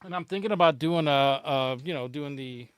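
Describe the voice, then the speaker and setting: A man's voice: a little high, brisk, clean tone, dry recording. Rambling, chuckling man hosting a stream. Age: middle-aged. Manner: rambling, chuckling, lots of fillers. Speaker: show host. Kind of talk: casual livestream chat.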